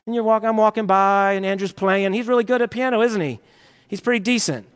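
Passionate preacher in a reverberant hall. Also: male voice, high voice, a little fast, smooth. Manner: passionate, emphatic preaching with rhetorical questions. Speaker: pastor. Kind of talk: sermon.

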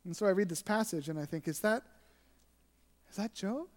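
A pastor preaching an earnest sermon, shifting between emphatic and hushed delivery. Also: medium pitch, lively intonation, moderate pace, big-room sound.

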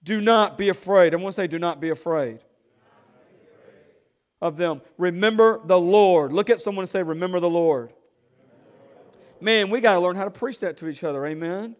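A male pastor preaching with rising energy, calling on the congregation to answer back. His voice sits a little high, and he drops quieter when he tells a story. The church recording sounds slightly dull. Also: normal speed, long pauses. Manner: energetic preaching with call-and-response; drops to hushed tones when telling a story. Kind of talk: sermon.

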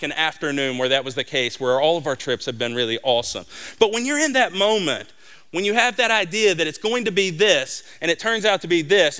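Bright-voiced, high-pitched male preacher. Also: clean tone. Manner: animated storytelling, acts out voices. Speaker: pastor. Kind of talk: sermon.

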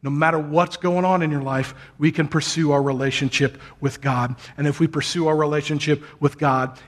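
A male pastor preaching a sermon to his congregation, earnest and encouraging with touches of light humor. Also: a little high.

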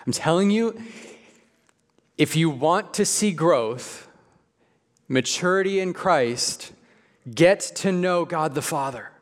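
Pastor preaching, male, somewhat high pitch, easygoing but emphatic, recorded in a reverberant church hall. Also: animated. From Midwest. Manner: conversational and emphatic, slowing on key phrases. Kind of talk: sermon.

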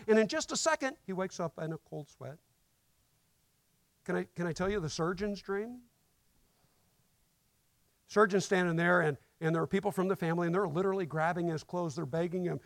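A man preaching a sermon to a congregation, telling stories in a conversational way with rhetorical questions and building to loud emphasis. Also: high voice, no echo. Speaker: guest preacher. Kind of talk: sermon with storytelling. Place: church.

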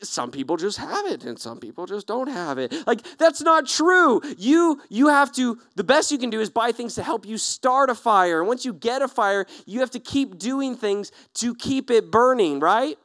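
A male pastor preaching a sermon in an animated way, acting out little dialogues as he goes. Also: very high voice, moderate pace, hardly any pauses, dry recording, clean studio sound.

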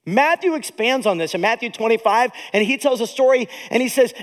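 Animated male pastor preaching in a hall. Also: very high-pitched. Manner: animated preaching with dramatic pauses. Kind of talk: sermon.

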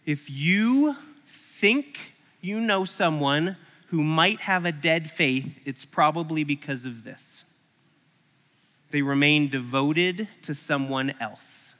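High, bright-voiced male preacher. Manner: animated, acts out stories. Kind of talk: sermon with storytelling. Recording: echoey hall.

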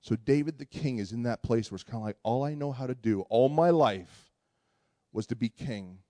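A man's voice: medium pitch, moderate pace, warm tone, no echo. A man preaching a sermon, retelling a story in a conversational way and often repeating words as he goes. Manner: conversational, repeats words while searching for them.

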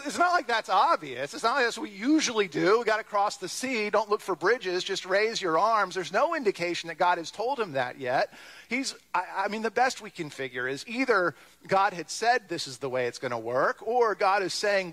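A man's voice: high-pitched, normal speed. A man preaching a sermon, reading scripture and retelling it with wry humor and acted-out voices. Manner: lively, wry, acts out quoted voices. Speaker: pastor.

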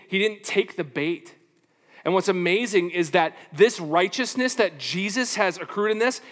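A man preaching a sermon as pastor, animated, asking rhetorical questions and playing out little back-and-forth exchanges. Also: sits high, in a large hall.

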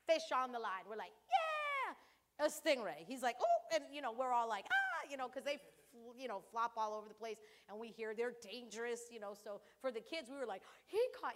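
A woman's voice: on the high side, fairly bright tone. A woman in her fifties preaching a sermon, telling family stories with laughs and call-outs to the congregation.

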